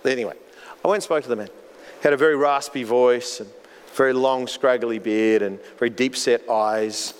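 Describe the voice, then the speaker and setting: A man's voice: mid-range voice, normal speed, a little hiss or hum. A man preaching a sermon as pastor, earnest and storytelling, often repeating words as he goes. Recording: long hall reverb.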